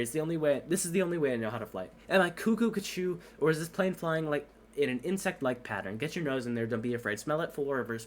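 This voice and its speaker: Man racing through a script reading. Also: medium pitch. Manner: reads every character at breakneck speed in his own voice, stumbling over words. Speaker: speedrun reader of a movie script. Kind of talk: rushed comedic script reading.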